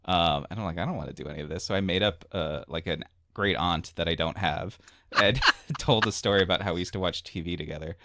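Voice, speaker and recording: Low-voiced man telling a rambling story. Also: fairly quick, very noisy. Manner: rambling storyteller, filler-heavy, laughing asides. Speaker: podcast co-host. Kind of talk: casual chat.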